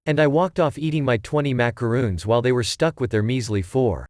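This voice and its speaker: A man's voice: medium pitch, fairly quick, few pauses, a little mellow, no room sound. Man narrating a story, dry sound. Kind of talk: scripted first-person narration.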